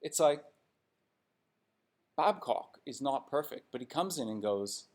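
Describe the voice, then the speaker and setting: A man's voice: mid-range voice, lively intonation, unhurried, darkish tone. Blunt, sarcastic male hockey commentator. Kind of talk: opinionated commentary vlog.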